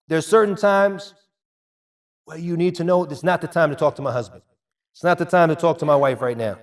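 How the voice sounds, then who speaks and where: A man preaching a sermon, emphatic and repetitive, dropping into quieter asides. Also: sits high, far from the mic. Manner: emphatic, repeats phrases, drops to quiet asides. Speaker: Islamic preacher.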